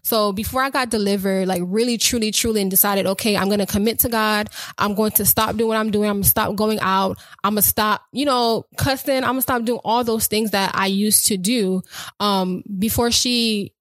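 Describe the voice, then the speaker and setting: A young woman opens her faith podcast in an excited, rambling way, circling back over her own phrases as she talks. Her voice sits at an ordinary middle pitch. The sound is dry and close. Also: moderate pace, no echo. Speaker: podcast host. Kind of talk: casual faith talk podcast.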